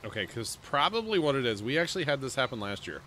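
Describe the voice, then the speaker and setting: A man's voice: mid-range voice, sing-song, fast talker, pushed and bright, a little hiss or hum. A man hosting a livestream of a farming game, chatting with friends and thanking subscribers in a rambling, casual way. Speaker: streamer host.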